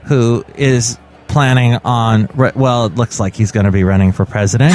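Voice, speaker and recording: A man hosting a podcast, riffing on the news in a jokey way with big swings in pitch. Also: steady tone, normal speed, few pauses, a little mellow, soft background music. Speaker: podcast host. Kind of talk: comic news commentary.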